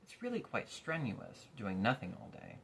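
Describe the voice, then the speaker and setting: A man's voice: mid-range voice, wildly swooping pitch, moderate pace, gravelly, a bit bright, slight background noise, heavily acted. A man voicing lazy, drowsy little creatures in a storybook reading, with a sleepy, whining manner. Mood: coaxing.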